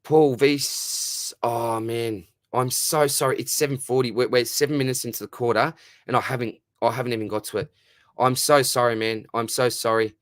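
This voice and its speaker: A man's voice: mid-range voice, no echo, clean studio sound. Matey Australian man on a livestream. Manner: warm, matey, repeats words, says mate constantly. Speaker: livestream host answering chat. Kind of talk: casual live-stream chat.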